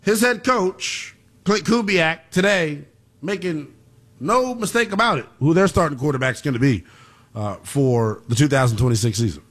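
Animated blunt sports talk host. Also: male voice, a little high, moderate pace. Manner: animated, blunt, emphatic rhetorical questions.

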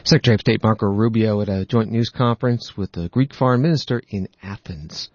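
Low-voiced man reading the news. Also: a little fast, no echo. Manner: steady, matter-of-fact delivery. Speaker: news commentator. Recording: dry, dull audio.

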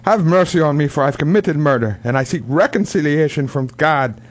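A man's voice: fairly high pitch, lively intonation, brisk, pitched above the performer's own voice. A man voicing a desperate male murderer confessing to clergy, pleading in a put-on Irish-tinged accent. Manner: pleading, solemn.

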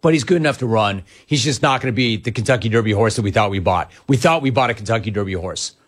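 A man's voice: lowish voice, fast, slightly rough. A man hosting a sports talk show, telling stories emphatically and riffing on listener comments.

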